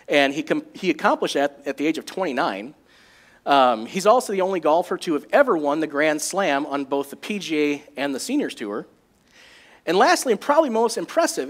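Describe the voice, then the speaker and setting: Lively, high-voiced male preacher. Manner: jokey, animated preaching. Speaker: pastor. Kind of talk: sermon.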